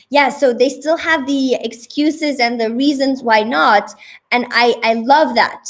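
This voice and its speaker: A woman's voice: high voice, a little slow. A woman coach hosting a casual interview over a video call, upbeat and motivational, repeating her points for emphasis. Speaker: business coach and host.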